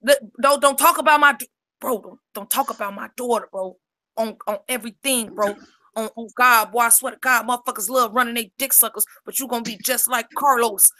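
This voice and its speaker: A woman's voice: a little high, fairly even intonation, a little fast. A woman doing a hot-headed broke young guy. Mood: angry. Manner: profane, loud then hushed through teeth. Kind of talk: comedic improv impression.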